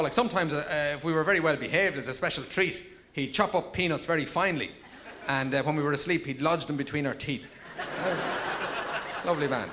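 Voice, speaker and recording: A quick, fairly high-voiced Irish man doing stand-up in a packed theatre, deadpan and rambling, breaking into sudden yelps. The sound is an old 1990s VHS tape with clear hiss under the voice. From Ireland. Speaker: stand-up comedian. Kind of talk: live stand-up comedy. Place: packed theatre with laughing audience.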